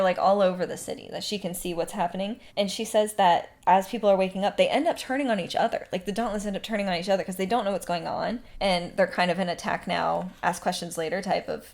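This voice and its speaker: A woman's voice: medium pitch, darkish tone. A young adult woman giving a casual book recap, chatty, laughing often and quoting characters. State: voice tiring from long talking. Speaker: book reviewer.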